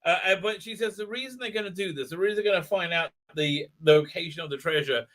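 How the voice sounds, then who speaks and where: A man's voice: sits high, fast, hardly any pauses, fairly bright tone. A man ranting through an episode recap, incredulous and exasperated, with lots of fillers and mocking quotes. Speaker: show host reviewing an episode.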